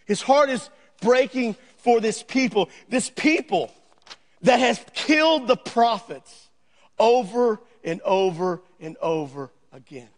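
High-voiced man preaching in a reverberant hall. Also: animated, slow. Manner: earnest preaching with repeated phrases, builds to raised emphasis. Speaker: pastor. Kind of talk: sermon.

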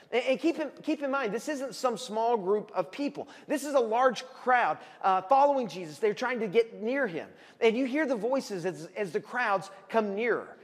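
A man, a pastor preaching a sermon and telling the story vividly, at times calling out loudly as the people in it. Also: sits high. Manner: animated storytelling, acts out shouting voices. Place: church hall. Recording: long hall reverb.

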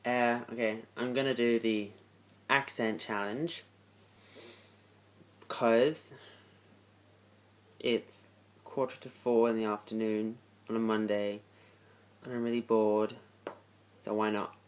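A young man from London with a London accent, reading a word list in a casual, offhand, deadpan vlog. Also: lowish voice, slow, pauses often. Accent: London English. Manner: offhand, deadpan, self-deprecating. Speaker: vlogger. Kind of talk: casual talking-head vlog.

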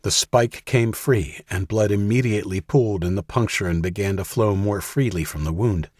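Low and husky, this man's voice delivers scripted audiobook narration at a steady, deliberate pace. The sound is close-miked and dry, without any room tone or echo.

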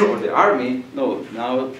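Taking it slowly in a medium-pitched voice, an older man from Colombia gives a public lecture built on vivid stories, playing the voices of the people in them and laughing. He is well back from the mic in a reverberant hall with a faint hiss.

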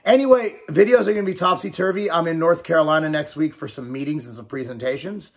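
He's a bodybuilder in his forties who runs a fitness company, addressing the camera in a casual vlog with blunt emphasis, profanity, and repeated points. The voice sits on the high side and comes at a quick pace.

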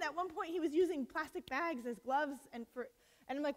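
A woman's voice: high voice, brisk. A woman telling a personal story at a college talk, impassioned, full of fillers and restarts, acting out what others said. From United States. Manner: impassioned, many fillers and restarts, acts out quotes. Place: lecture hall. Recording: long hall reverb.

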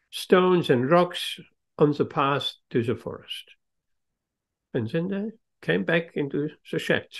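Slow, gravelly-voiced man telling a devotional story. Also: on the high side. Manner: slow, emphatic, leans on key words. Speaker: speaker giving a lecture.

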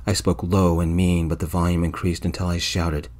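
A man telling a first-person story in a soft-spoken ASMR storytelling style, slow and calm. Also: low-pitched.

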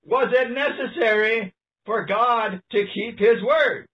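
A man preaching an animated, emphatic sermon, reading passages aloud and laughing often. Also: very high-pitched, slow pace. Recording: distant mic, dull lo-fi sound.

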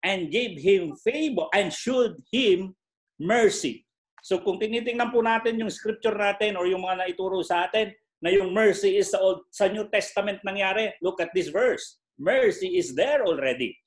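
Filipino man, kinda high voice, calm bible study teacher, keeps asking okay?. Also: a little fast. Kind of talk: Bible teaching mixing English and Tagalog.

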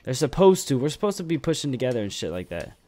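A young man talks through his shooter match from a home gaming setup. His pitch jumps sharply when he gets a kill and drops low and quiet when he is nervous. He swears casually and keeps tagging "man" onto his sentences. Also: fast. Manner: excitable, swears freely, repeats "man". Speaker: gameplay commentator.

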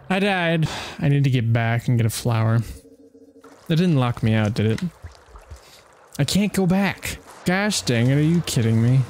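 There's a little hiss or hum on the recording of this mid-range-voiced let's play gamer. He keeps up a casual running commentary, talking to himself and to the creatures in the game, and laughs often.

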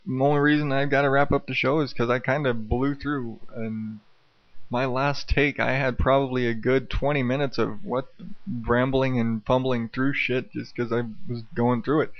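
Man, podcast host, gravelly voice, rambling and profane, dull lo-fi home mic, dry sound. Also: medium pitch, level tone, moderate pace, no echo. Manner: rambling, profane, self-mocking. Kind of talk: casual late-night solo podcast ramble. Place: bedroom at home. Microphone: old dynamic karaoke mic on a stand.

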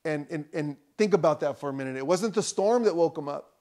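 A male pastor preaching a sermon in church, conversational with loud emphatic peaks and joking asides. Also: a little high, expressive, brisk.

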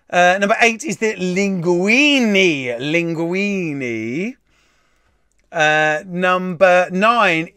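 Male quiz host, fairly high voice, chatty and sweary, dry close desk-mic sound. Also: bright, forceful tone, dry recording. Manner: chatty, swears casually, laughs at himself. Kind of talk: live-stream quiz answer reveal.

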